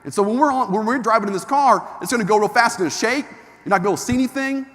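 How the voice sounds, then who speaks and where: A big, bossy racing instructor drawls out commands , acted by a man telling a story on stage. His voice sits high and forceful. The hall's long reverb hangs on every line. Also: fast talker. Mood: commanding. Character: big, gruff male racing instructor, pushy coach. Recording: long hall reverb from a live talk.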